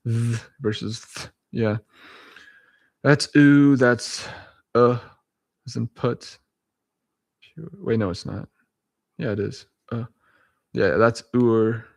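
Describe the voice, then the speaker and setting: A young man reading dictionary abbreviations aloud at home in a halting, chuckling way, often correcting himself. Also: medium pitch, steady tone, no room sound. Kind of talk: casual solo reading and chat.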